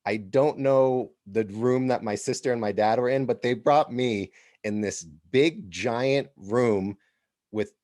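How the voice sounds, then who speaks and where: An American man hosting a podcast, telling a travel story in an animated, casual way and laughing as he goes. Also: mid-range voice, slow pace, dry recording, clean studio sound. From United States. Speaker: podcast host.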